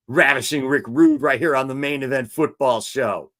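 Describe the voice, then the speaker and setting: A man's voice: mid-range voice, moderate pace, fairly bright tone. A man hosting a live-stream football show, chatting and reading out viewer comments.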